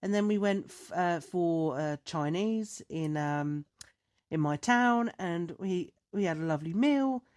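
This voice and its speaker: A woman on a podcast, casually chatting and telling a story with lively, animated delivery. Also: on the low side, a little slow. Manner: animated storyteller, acts out dialogue in raised voice. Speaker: podcast co-host.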